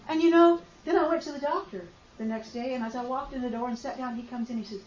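A woman telling a faith testimony, swinging from hushed storytelling to loud outbursts. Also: high-pitched, fast, few pauses. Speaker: speaker sharing a faith testimony. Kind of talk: emotional personal testimony. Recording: roomy, slightly dull recording.

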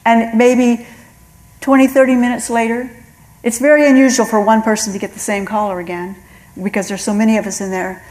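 A woman's voice: a little high, level tone, a little fast, darkish tone, low-quality recording. Earnest middle-aged woman sharing testimony. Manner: earnest storytelling, acting out voices of God and callers. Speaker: testimony speaker. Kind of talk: spoken testimony.

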